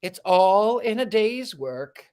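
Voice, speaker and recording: A man voicing a kindly, battered little old car in a storybook, with a gentle, sighing manner. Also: sits high, big pitch swings, slow, clean tone, exaggerated voice.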